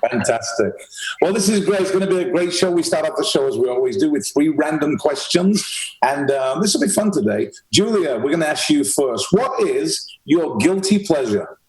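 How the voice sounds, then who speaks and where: A man's voice: a little high, very animated, moderate pace, a little mellow, poor audio. A man hosting a podcast over a video call, upbeat and chatty as he welcomes his guests. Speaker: podcast host. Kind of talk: casual video-call interview.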